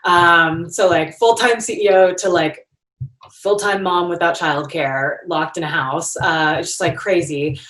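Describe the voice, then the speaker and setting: Low-voiced woman, chatty, distant and roomy. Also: steady tone, unhurried, a bit bright. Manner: chatty, lots of "like" and "um". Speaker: podcast guest, entrepreneur. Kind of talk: casual interview chat. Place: home.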